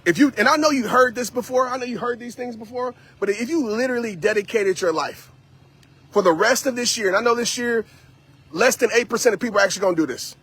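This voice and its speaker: A man's voice: very high-pitched, fast talker, fairly bright tone, husky. A man giving a motivational talk to a live-stream audience while out on a walk, preachy and repetitive, speaking straight to his listeners.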